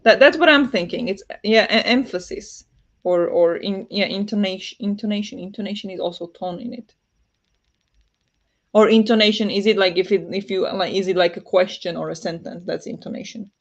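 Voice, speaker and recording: A woman with a Flemish accent, a native Dutch speaker, chatting loosely with her stream. She laughs often and reads the chat out loud. Her mid-pitched voice comes through a slightly muffled home mic. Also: fairly quick. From Flanders. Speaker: livestream host. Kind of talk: casual livestream chat. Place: home at night.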